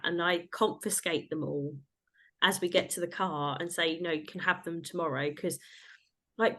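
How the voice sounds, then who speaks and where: A woman's voice: lowish voice, fairly bright tone. A woman in her thirties hosting a podcast, chatting casually and laughing often as she tells family stories. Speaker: podcast host. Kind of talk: casual chat.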